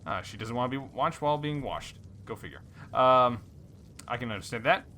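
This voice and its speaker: Bright-voiced man reading a game aloud. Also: mid-range voice, lively intonation, fairly quick, slight background noise. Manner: reads story text aloud with fillers and small slips. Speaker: let's play host. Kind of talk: casual game narration, reading dialogue aloud.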